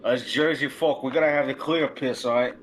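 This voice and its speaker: A man's voice: mid-range voice, steady tone, fairly quick, slight background noise, close to an everyday voice. A man doing a comic voice of a crude, swaggering New Jersey mobster during casual stream banter. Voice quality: profane, tough-guy bluster.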